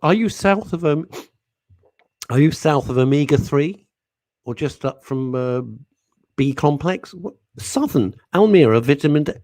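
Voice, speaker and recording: A man's voice: a little high, unhurried, long pauses, no echo, clean studio sound. A man hosting a radio talk show, chatting casually and reading out listener comments by name. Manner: chatty, animated, jokey, talks to listeners by name.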